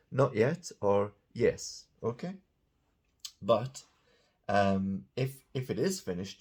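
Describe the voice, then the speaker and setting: A man's voice: on the low side, a little mellow, breathy edge. A man teaching English grammar, patiently explaining example sentences and checking in with "okay?". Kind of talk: grammar lesson.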